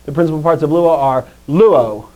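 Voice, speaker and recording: Man, Greek teacher, upbeat, call-and-response drills, fairly high voice, mellow tone. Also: normal speed, highs cut off. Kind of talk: online class recitation drill.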